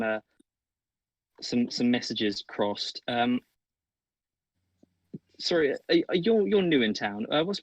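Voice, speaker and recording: A man's voice: mid-range voice, dry recording, dull audio, pitched above the performer's own voice. A man voicing a nervous, stammering barmaid who apologizes to new customers. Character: flustered barmaid, mother of the girl.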